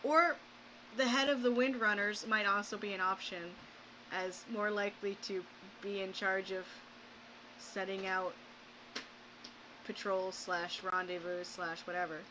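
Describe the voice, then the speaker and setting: A woman's voice: medium pitch, little pitch movement, unhurried, long pauses. A woman playing a tabletop game, talking through plans in a practical, reasoning way. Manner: practical, planning tone. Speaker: player. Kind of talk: casual tabletop game chat. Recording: noisy background hiss.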